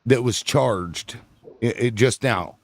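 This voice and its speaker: A man's voice: mid-range voice, slow pace. A man moderating a live panel, hesitant with many fillers. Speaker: panel host.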